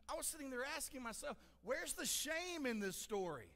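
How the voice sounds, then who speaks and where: Brief: male pastor, high-pitched, earnest conversational preaching, long church reverb. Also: big pitch swings, normal speed, few pauses, pushed and bright. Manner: earnest, conversational, repeats "listen" for emphasis. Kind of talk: sermon. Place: church sanctuary.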